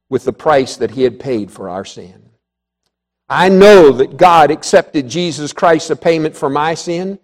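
A man preaching in church, his voice a touch higher than most men's. He delivers the sermon emphatically, climbing to loud declarations and then falling to soft, hushed lines. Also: expressive, a little slow. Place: church before a congregation.

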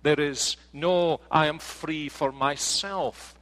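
A man's voice: a little high, steady tone, takes it slowly, a bit bright, low-quality recording. A man preaching a sermon, earnest, with rhetorical questions and homely anecdotes. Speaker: pastor.

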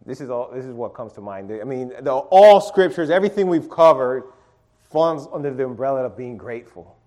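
Middle-aged man, informal sermon, lively pitch, calls on the group, restarts a lot. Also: a little fast. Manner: animated, asks listeners to read verses, many restarts. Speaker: preacher leading a Bible study.

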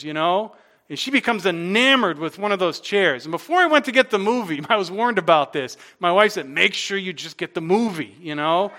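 A middle-aged man preaching a sermon as a pastor, telling stories, dropping to a hush and then rising loud and animated. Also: high voice. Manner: storytelling, swings from hushed to loud and animated.

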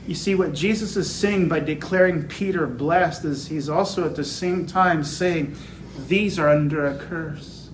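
A man preaching a sermon as pastor, slow and building to emphatic declarations. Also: fairly high pitch, roomy sound, slight background noise, poor audio.

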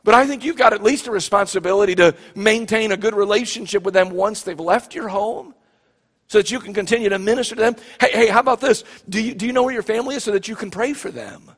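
A man's voice: sits high, fast, fairly bright tone, long reverb tail. A male pastor preaching a sermon, pressing his listeners with repeated emphatic questions and frequent restarts.

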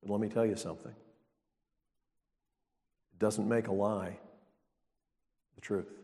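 A man's voice: on the low side, fairly even intonation, a little slow, dark tone. A man preaching a sermon as pastor, teaching in a conversational way and asking the congregation rhetorical questions. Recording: long reverb of a large hall.

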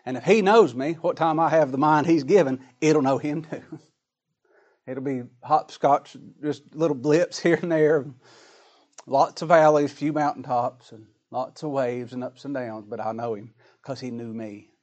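A man's voice: mid-range voice, unhurried, a little mellow, dull audio. A man preaching a sermon in a folksy, dramatic style, with plain colloquial grammar and rising, emphatic lines.

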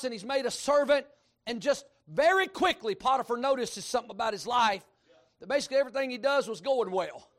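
A middle-aged man with a Kentucky accent preaching a sermon as pastor, folksy and animated, rising into shouts. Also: very high-pitched. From Kentucky, USA.

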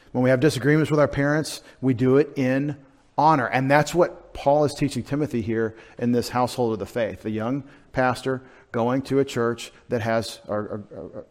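A middle-aged man, preaching a sermon in a conversational, self-deprecating way, dropping into quiet asides. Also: medium pitch. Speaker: pastor.

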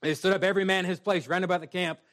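A man's voice: sits high, steady tone, rapid-fire, fairly bright tone. A male pastor preaching a sermon, reading scripture and adding folksy asides.

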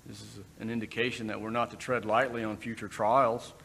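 A man's voice: fairly low pitch, level tone, a little fast, fairly bright tone. A man giving a conversational sermon, breaking into brief acted quotes. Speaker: preacher. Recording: long reverb in a hall, faint background noise.

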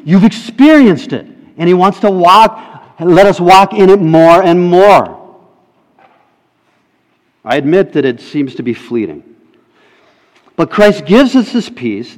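A man preaching a sermon emphatically, putting rhetorical questions to his congregation. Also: high voice. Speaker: pastor. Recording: long reverb in a hall.

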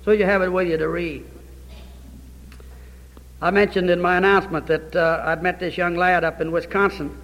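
Male pastor, high voice, folksy animated sermon delivery; reverberant church hall. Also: normal speed, pauses often.

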